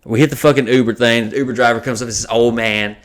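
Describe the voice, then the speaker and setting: Speaking quickly at a medium pitch, the male podcast host works through a long story in easygoing conversation. He curses freely, keeps the energy high, and voices the quoted lines himself.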